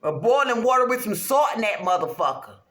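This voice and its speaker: A woman vlogger tears into a rant, profane and animated, laughing between lines. Her voice is bright and sharp, and it bounces around a roomy, echoey space. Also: fairly high pitch, fairly quick. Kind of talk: casual rant to camera. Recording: roomy echo.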